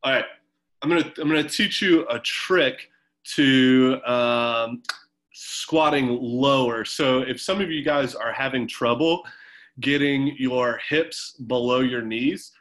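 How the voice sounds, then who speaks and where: A man's voice: medium pitch, slow pace, a bit bright, poor audio. A man coaching a swim team through a home workout on a video call, giving chatty, encouraging instructions with fillers.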